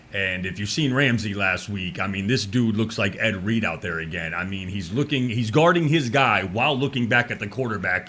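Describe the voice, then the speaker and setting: A man's voice: fairly low pitch, sharp tone, slight background noise. A man co-hosting a sports radio show, confidently building his argument. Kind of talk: casual sports talk.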